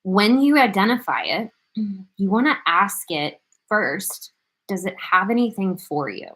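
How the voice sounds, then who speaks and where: A woman's voice: medium pitch, lively intonation, a little slow, a bit bright. A woman hosting a live Q&A as a spiritual coach, talking in an earnest, heartfelt way with lots of filler words. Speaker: spiritual coach and show host.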